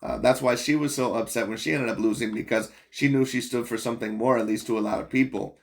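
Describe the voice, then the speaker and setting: A man's voice: mid-range voice, steady tone, fast talker, gravelly. A man hosting a boxing commentary channel, talking bluntly and profanely in a rambling, casual rant full of fillers.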